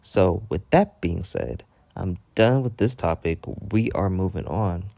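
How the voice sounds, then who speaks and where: Young dude doing a storytime rant, low gravelly voice, slangy and cussing, kinda over the top. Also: male voice, a little slow, dark tone, dry recording. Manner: slangy, mock-dramatic, swears freely. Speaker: storytime vlogger.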